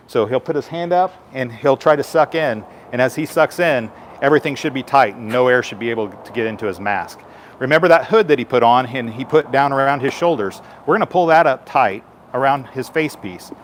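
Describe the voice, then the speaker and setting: Patient firefighter explaining gear to kids. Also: male voice, medium pitch, a little fast, a little hiss or hum. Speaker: firefighter giving a station tour. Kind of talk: live demonstration for children.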